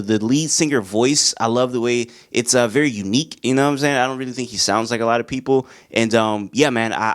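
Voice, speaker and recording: A young man talking casually about albums he likes, loose and excitable, full of slang, and now and then singing along to the songs. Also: fairly low pitch. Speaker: music reviewer. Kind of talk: casual album review talk.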